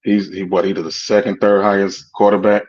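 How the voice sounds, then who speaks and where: A man guesting on a sports talk show, speaking haltingly with many fillers. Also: lowish voice, level tone, a little mellow. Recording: dull lo-fi sound.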